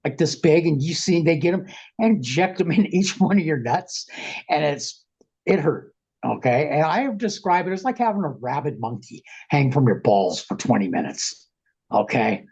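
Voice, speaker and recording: Husky man telling wild stories. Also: on the high side, normal speed, rough recording. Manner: frank, rambling, profane, animated retelling. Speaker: guest. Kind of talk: casual storytelling interview. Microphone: video call.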